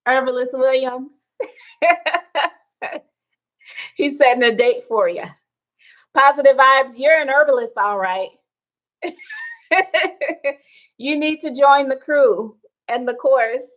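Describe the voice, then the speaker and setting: A woman hosts a late-night live stream from home, answering viewer comments in an easygoing, unhurried way. Her voice sits a little high, and she laughs often between remarks. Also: lo-fi sound. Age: adult with children. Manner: chatty, laughs often, slow and relaxed. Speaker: livestream host reading viewer comments. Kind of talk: casual live chat.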